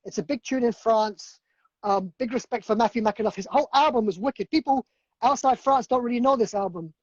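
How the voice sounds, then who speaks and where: A man's voice: extremely high pitch, a little fast, no room sound, lo-fi sound. A man, a DJ and producer, chatting casually on a livestream, rambling through stories with lots of fillers and restarts. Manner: rambling, filler-heavy storytelling. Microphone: video call.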